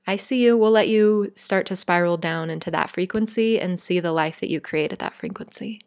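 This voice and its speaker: A woman's voice: lowish voice, normal speed, darkish tone, no room sound, lightly acted. A woman voicing the universe as a teasing, knowing cosmic presence in a dry, close recording.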